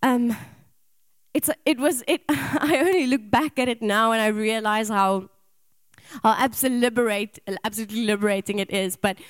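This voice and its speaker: Young woman preacher, questioning and storytelling, slightly high voice, dry close recording. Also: clean tone, dry recording. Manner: rhetorical questions, personal storytelling with laughs. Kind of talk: sermon.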